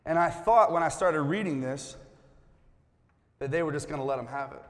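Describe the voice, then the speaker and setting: A man's voice: medium pitch, normal speed. A man preaching as a pastor, coaxing his congregation to join in, then turning earnest. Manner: playful, coaxing the crowd, then earnest and quiet. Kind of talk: sermon with audience participation. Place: church sanctuary. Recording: long hall reverb.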